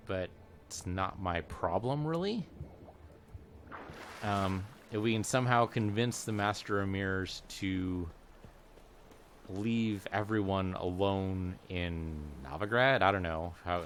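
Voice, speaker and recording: A man's voice: low voice, fairly bright tone, a little hiss or hum. A man giving casual, rambling commentary while playing a video game, musing aloud as he goes. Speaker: let's play gamer.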